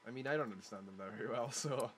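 A young man on casual gaming commentary, his voice sitting at an ordinary middle pitch. He talks in an easygoing, joking way with crude banter. His delivery stays relaxed as he plays along. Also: racing, slightly rough. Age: young adult. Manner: laid-back, joking, crude.

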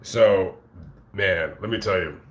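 A man with a fairly low voice tells a rambling, swear-filled story in a casual live-stream style. He is recorded on a phone inside a fast-food restaurant. The room is echoey. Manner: rambling, profane, animated retelling. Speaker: vlogger telling a story. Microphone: phone camera.

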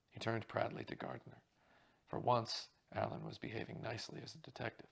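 Gravelly man reading a mystery novel. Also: fairly low pitch, little pitch movement, a little fast, a bit bright. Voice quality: gravelly, husky. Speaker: audiobook reader.

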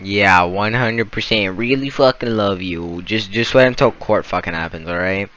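A man's voice: lowish voice, moderate pace, a bit bright, highs cut off. A young man casually reacting to a video, swearing constantly and mocking what he watches. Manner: profane, mocking, jokey.

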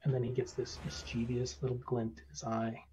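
A man's voice: mid-range voice, monotone, brisk, warm tone, slight background noise, poor audio. A man narrating as game master of a tabletop game, describing scenes with many fillers.

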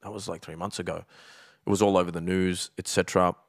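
Deep-voiced Australian man, streetwise storyteller. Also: level tone, quick pace, no room sound, studio quality. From Melbourne, Australia. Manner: streetwise, swears freely, leans on "like" and "you know". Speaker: podcast guest. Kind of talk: casual storytelling chat.

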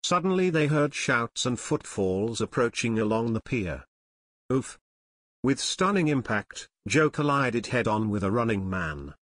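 A man's voice: mid-range voice, sing-song, a little slow, a bit bright, no room sound. Man narrating an audiobook, dry sound. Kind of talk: scripted narration.

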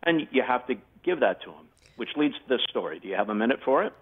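An older man telling animated anecdotes in a casual interview. His voice sits at a middle pitch and sounds somewhat husky. It comes through a narrow, phone-like remote line. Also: quick pace. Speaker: guest sportscaster.

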